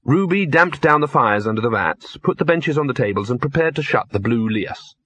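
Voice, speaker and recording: A man narrating an audiobook in a steady, dry storytelling manner. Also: mid-range voice, fairly quick, breathy edge, dry recording. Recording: dull lo-fi dry recording.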